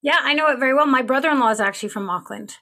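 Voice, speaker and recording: A woman's voice: sits high, very fast, sharp tone. A woman hosting a branding podcast, reading a scripted intro and then chatting upbeat with a guest. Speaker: podcast host. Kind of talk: scripted intro then casual interview chat.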